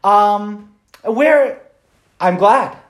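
Priest guy, pretty high voice, chatty sermon style, lots of "like" and "right?", echoey church. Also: animated, very slow. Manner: conversational, frequent "right?" and "like". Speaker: Catholic priest. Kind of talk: informal Sunday homily.

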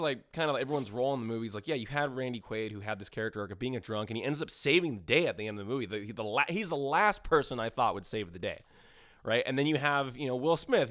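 A man's voice: mid-range voice, a bit bright, no room sound, studio quality. A man co-hosting a casual movie podcast, talking in a rambling, profane way full of fillers. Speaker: podcast co-host.

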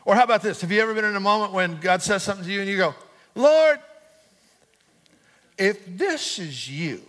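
A middle-aged pastor with a high-pitched, steady, sharp voice preaches rapid-fire in a church auditorium. He tells a personal story in a chatty way, then builds to emphatic calls that he repeats with rising force.

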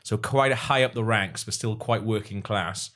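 Welsh male podcast co-host, lowish register, loose and rambling delivery. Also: normal speed, fairly bright tone. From Wales. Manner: chatty, rambling with fillers and asides. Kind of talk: casual chat.

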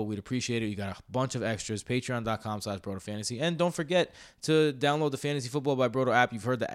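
A man hosting a casual sports podcast, talking in an excitable, rambling way with frequent restarts. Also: mid-range voice, clear, resonant tone. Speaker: podcast host.

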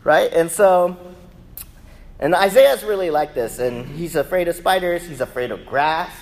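A man in his thirties preaching a sermon, telling lively family stories and then settling into a calmer teaching tone. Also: fairly high pitch, unhurried. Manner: animated storyteller who acts out family members' voices. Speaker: pastor.

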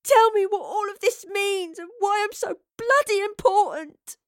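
A woman voicing a distraught young woman in a storybook, crying out in high, loud, pleading demands. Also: unhurried, no echo, clean studio sound. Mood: desperate.

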